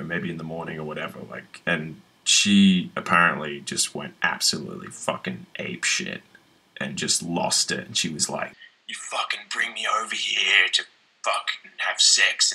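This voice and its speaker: A man's voice: deep voice, normal speed, bright, forceful tone, breathy edge, full character voice, rough recording. An actor playing a young man on a date, telling a rambling, profane story about his wrecked room. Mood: rueful. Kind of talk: conversational web-series acting.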